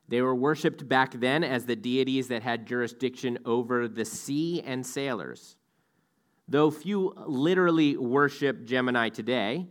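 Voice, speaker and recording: A man teaches the Bible verse by verse in a relaxed, conversational way. His voice sits at an ordinary middle pitch. He now and then pauses to correct himself with small asides.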